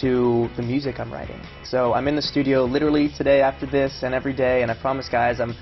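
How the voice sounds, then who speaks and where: A man's voice: mid-range voice, little pitch movement, quick pace, lo-fi sound, soft background music. A young man being interviewed as an actor and singer, chatting casually in an upbeat way and laughing often.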